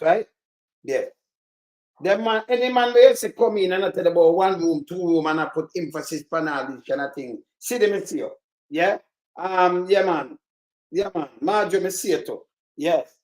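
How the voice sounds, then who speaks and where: Jamaican man, casual stream host, high voice, roomy echo, patois banter. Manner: greets viewers by name, mocking banter in patois. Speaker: live-stream commentator. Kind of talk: casual live-stream chat.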